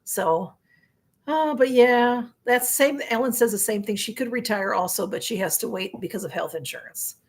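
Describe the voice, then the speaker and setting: A middle-aged woman with a Chicago accent hosts a live stream in a casual, rambling chat, reading out viewer comments, her voice going a little hoarse. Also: on the high side, moderate pace. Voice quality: rambling, chatty, with frequent fillers and restarts. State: voice getting hoarse.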